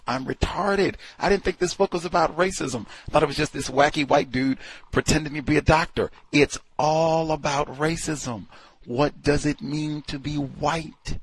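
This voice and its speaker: A man casually talking through a book he is reading, animated and full of rhetorical questions. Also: medium pitch, slightly rough. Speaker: book commentator. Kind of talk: casual spoken book review.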